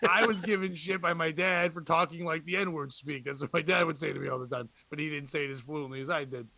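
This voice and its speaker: A male comedian cohosting a podcast rambles and jokes in casual chat. His voice is high and bright, and the sound is dry and close. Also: fairly even intonation, quick pace, gravelly, dry recording. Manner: rambling, joking.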